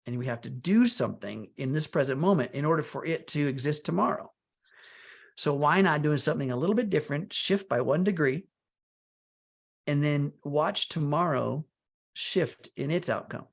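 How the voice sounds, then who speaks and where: Guy with a gravelly voice explaining wellness stuff, lots of restarts, thinking out loud. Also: mid-range voice. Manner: halting, repeats words as he thinks. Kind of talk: wellness talk, explaining ideas.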